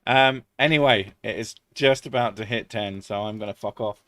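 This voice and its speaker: A man's voice: on the low side, normal speed, a bit bright, no room sound. A man chatting casually on a live stream, swearing freely and laughing often.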